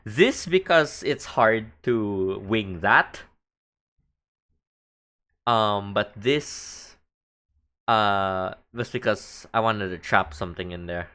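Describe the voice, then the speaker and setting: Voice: sits low, expressive, slow pace, pauses often, a bit bright. A streamer from the Philippines with a Filipino accent, chatting casually and thinking aloud while building in a game.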